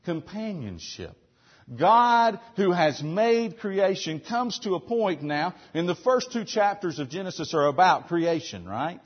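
A man preaching a sermon as pastor, asking rhetorical questions and driving points home with emphasis, loud one moment and soft the next. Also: high voice, sing-song, a little slow, husky, highs cut off.

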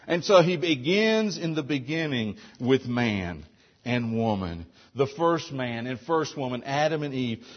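This pastor's sermon is full of rhetorical questions and emphatic points, his volume rising loud then falling soft. His pitch is fairly high and slightly rough, and the audio is dull.

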